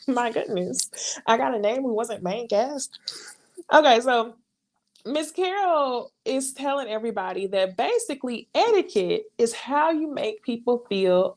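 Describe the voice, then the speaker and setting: A woman's voice: fairly high pitch, darkish tone. A woman hosting a casual live recap, chatty and exasperated, talking straight to her viewers. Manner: breaks into laughter and brief mimicry of others. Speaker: reality TV recap host.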